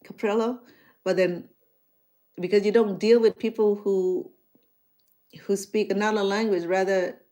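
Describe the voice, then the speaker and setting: A middle-aged Cambodian woman, a chef and vlogger, chats casually with her viewers in a Cambodian accent, her medium-pitched voice unhurried and full of long pauses. She tells stories in an animated way, acting out the dialogue and often restarting her sentences.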